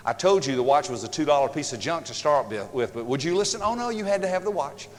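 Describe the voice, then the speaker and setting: A man's voice: on the high side, expressive, fast, big-room sound, voice pushed down, close to an everyday voice. A man voicing an older grandmother who scolds her granddaughter in a preachy, lecturing way. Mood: scolding.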